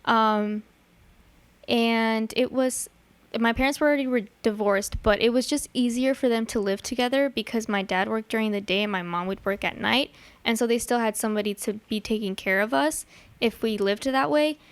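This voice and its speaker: Young woman, Chicago area, podcast guest, rambling casual storytelling, fairly high pitch, dry studio sound. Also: normal speed, clear, resonant tone, no room sound. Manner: chatty, lots of likes and ums, acts out her dad's lines.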